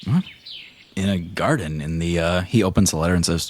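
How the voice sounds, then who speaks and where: A man narrating as game master in a playful, animated way. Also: deep voice, normal speed, dry recording.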